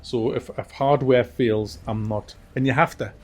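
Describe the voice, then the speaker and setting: A man's voice: mid-range voice, fairly even intonation, normal speed, a little mellow, faint music behind. A man hosting a gaming channel, rambling through a casual update from his home office with mild swearing. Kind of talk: casual monthly update chat.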